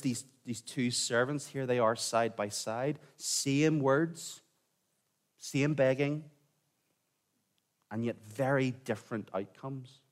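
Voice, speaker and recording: A man preaching a sermon in a conversational way, sometimes dropping to a quiet, intense tone. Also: medium pitch. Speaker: pastor.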